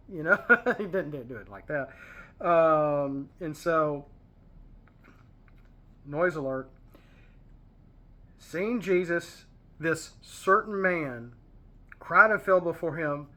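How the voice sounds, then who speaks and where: A man's voice: a little high, lively intonation, slow pace, long pauses, pushed and bright. A man hosting a casual Bible study, reading verses and explaining them in a chatty, digressive way with pop-culture asides.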